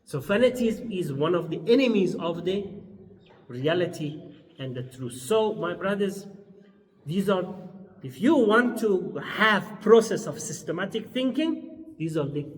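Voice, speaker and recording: A man's voice: high voice, very animated, unhurried. A man giving a philosophy lecture, emphatic and repeating his key words as he acts out short quoted exchanges. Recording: far from the mic in a reverberant hall.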